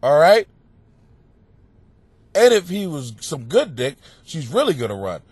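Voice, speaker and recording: Crude congested man ranting with lively pitch. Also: measured pace, breathy edge, no echo. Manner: rambling, crude, self-mocking, with sudden loud outbursts. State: congested and stuffed up, sniffling. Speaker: podcast host giving advice. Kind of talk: profane comedic advice podcast. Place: home basement.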